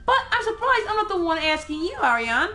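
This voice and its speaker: A woman voicing a poised, friendly female club president in a game, light and measured. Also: very high-pitched, very animated, sharp tone, soft background music, voice pushed up, full character voice. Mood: polite.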